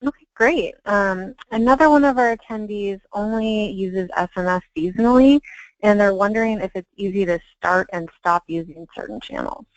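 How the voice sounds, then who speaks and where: A woman's voice: medium pitch, normal speed, no room sound, dull audio. Brief: female webinar moderator, reads questions, hesitant ums, dry sound. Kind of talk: reading audience questions.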